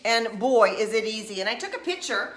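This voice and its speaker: A woman's voice: a little high, sing-song, fast, over loud music. A chatty, jokey woman, cooking in her home kitchen while chatting on a live stream. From Nova Scotia, Canada. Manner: chatty and jokey, slips into put-on silly voices. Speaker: vlogger.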